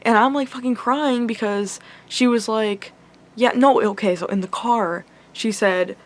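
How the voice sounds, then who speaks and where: A woman's voice: fairly high pitch, a little slow. A young woman vlogger telling an upsetting story in a casual, rambling way, full of "like" and swearing. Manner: rambling, heavy use of "like" and swearing; emotional, upset retelling.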